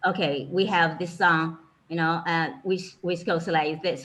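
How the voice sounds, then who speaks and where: A woman's voice: sits low, fairly even intonation, unhurried, fairly bright tone, muffled recording. A woman with a Chinese accent, a Chinese language teacher giving an informal lecture, filling her talk with "you know" and "okay".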